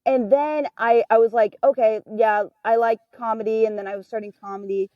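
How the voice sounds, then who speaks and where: A woman's voice: steady tone, brisk, no room sound, dull audio. A woman in her twenties, a guest comedian chatting casually on a podcast and telling candid stories, acting out the people she quotes. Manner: candid storyteller, acts out quoted people with pitch jumps.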